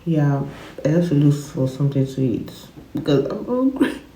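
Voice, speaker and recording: Her voice is low and warm but very animated, moving at a moderate pace as she rambles to her phone camera in an echoey space. This woman in her twenties is a chatty vlogger with a cough who repeats words and laughs frequently.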